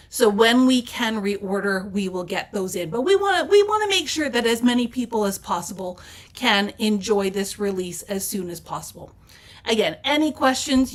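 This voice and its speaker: A woman hosting a casual craft store update, chatty and upbeat, with plenty of fillers. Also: a little high. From Canada. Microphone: off-camera mic with slides.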